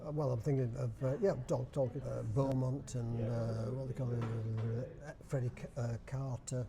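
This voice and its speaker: A man from Bradford with a Yorkshire accent, chatting casually as a dialect society chairman, pausing often to search for words. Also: mid-range voice, steady tone. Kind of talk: casual chat. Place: restaurant in a casino. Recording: busy room with crowd noise. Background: crowd chatter.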